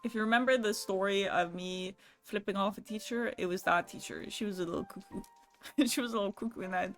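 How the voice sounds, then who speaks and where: A woman's voice: medium pitch, a little fast, soft background music. Casual swearing young woman streamer. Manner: chatty, swears casually, laughs often, greets chat. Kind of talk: casual livestream chat with viewers.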